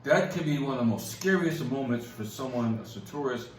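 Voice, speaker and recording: A man's voice: medium pitch, brisk, reverberant, distant mic, a little hiss or hum, low-quality recording. A man chatting casually as co-host, laughing often and repeating himself as he talks. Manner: laughs often, relaxed and repetitive. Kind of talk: casual chat.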